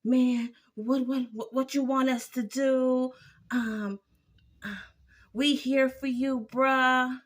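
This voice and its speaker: A man's voice: very high-pitched, steady tone, takes it slowly. A woman voicing a hesitant young man who stammers and hedges with his friend, as she quotes him in a TV recap.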